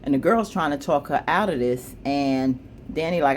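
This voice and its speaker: Animated woman recapping a TV episode. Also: normal speed, a little hiss or hum. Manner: animated, acts out characters' lines with pitch jumps; chatty, frequent fillers and asides. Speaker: TV show recap vlogger.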